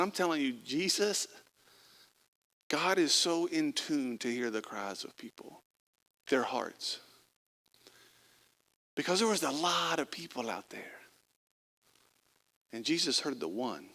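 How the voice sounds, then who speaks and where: High, bright-voiced preaching man. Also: sing-song, slow pace, pauses often, big-room sound. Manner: conversational preaching, swinging between loud emphasis and quiet, low delivery; acts out quoted people in a casual voice. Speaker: pastor. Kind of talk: sermon.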